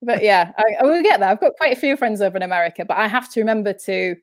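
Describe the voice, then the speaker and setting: A medium-pitched woman races through her stories as a chatty interview guest, her northern English accent clear and her sentences often begun again. She comes from northern England, and there's no room sound in the clip.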